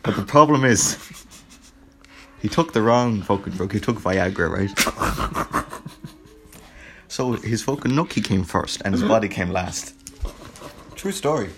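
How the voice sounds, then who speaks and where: Rambling young Irish lad. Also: male voice, on the low side, slow pace, long pauses. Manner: rambling, deadpan boasting, swearing. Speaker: podcast co-host. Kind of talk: comedic banter playing a boozy lad.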